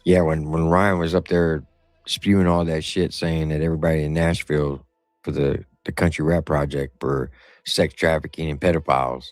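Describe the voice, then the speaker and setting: A man's voice: rumbling low, level tone, normal speed, dry recording, clean studio sound, faint music behind. A man on a livestream panel who speaks bluntly and chimes in with short agreements. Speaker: panel guest. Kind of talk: casual livestream panel chat.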